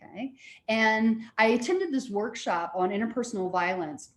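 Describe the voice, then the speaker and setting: A woman lecturer and therapist telling stories in an animated way, often repeating herself. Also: a little high, moderate pace, echoey room. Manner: animated storytelling with repetitions. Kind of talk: recorded lecture.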